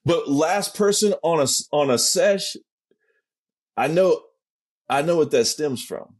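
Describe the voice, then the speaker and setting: A man's voice: fairly high pitch, animated, unhurried, a little mellow. A middle-aged man telling stories as an interview guest, laid-back and profane, with laughing asides. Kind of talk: casual storytelling.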